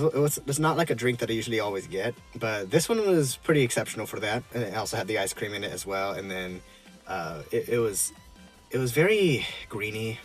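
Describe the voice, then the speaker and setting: Sitting in his car, a low-voiced man gives a casual drink review, stumbling through fillers and restarts and chuckling frequently.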